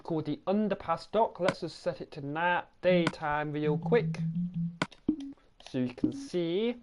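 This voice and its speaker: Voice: mid-range voice, a little hiss or hum. A gaming channel host, giving a casual, rambling tour of a game world, correcting themselves and repeating the same praise.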